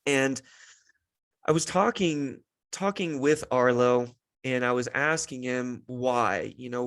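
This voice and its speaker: A young man talks through his parenting thoughts on his own podcast, earnest and reflective. His voice sits at an ordinary middle pitch and he leans on casual fillers. The sound is dry and close, with no room around it. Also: lively intonation, unhurried, fairly bright tone, no echo. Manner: earnest, thoughtful, many "you know" fillers. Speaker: podcast host, father. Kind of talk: reflective solo podcast monologue.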